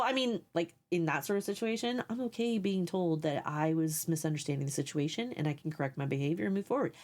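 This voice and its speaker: A woman with a youthful voice and a Texan Southern accent, chatting candidly with stream viewers from a home setup, swearing freely and throwing in quick asides. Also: medium pitch. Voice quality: youthful-sounding voice. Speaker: livestreamer. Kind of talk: casual chat with stream viewers.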